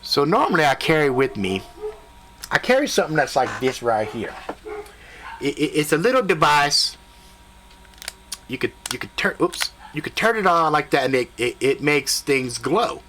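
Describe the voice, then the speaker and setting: Animated, bright-voiced male storyteller. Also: on the high side, moderate pace, a little hiss or hum. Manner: animated, profane, jumps into voices and sound effects. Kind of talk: comedic spoken storytelling.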